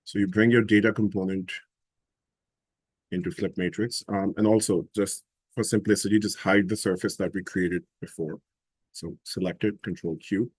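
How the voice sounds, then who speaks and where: A man teaching a live software class, explaining each step and thinking aloud as he works. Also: sits low, fairly even intonation, moderate pace, husky, no echo. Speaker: instructor.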